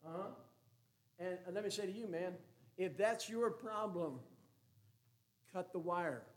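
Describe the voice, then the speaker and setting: A man with a notably high-pitched voice preaches a sermon as a Baptist pastor. He is folksy and joking, and he drives his points home with emphasis. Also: unhurried.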